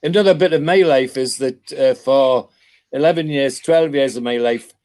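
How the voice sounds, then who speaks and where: A man's voice: mid-range voice, normal speed, darkish tone, no room sound. An older man from North East England in casual chat, telling rambling anecdotes with chuckles and restarts. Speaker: podcast panelist.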